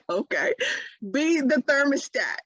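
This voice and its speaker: A woman co-hosting a podcast in casual chat, animated and acting out quotes. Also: sits high, slow, no echo, dull audio. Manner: animated, exclaims "bam", acts out quotes. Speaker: podcast co-host.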